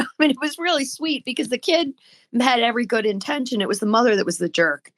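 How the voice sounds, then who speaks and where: A woman co-hosting a podcast speaks fast in a high-ish voice, recorded with no room sound. In casual chat she tells stories animatedly, acting out the people she quotes.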